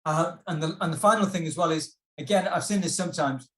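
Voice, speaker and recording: A man's voice: a little high, fast. Man explaining test tips, echoey room. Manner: relaxed, explanatory, many ums and restarts. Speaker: IELTS workshop presenter. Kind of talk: online workshop talk.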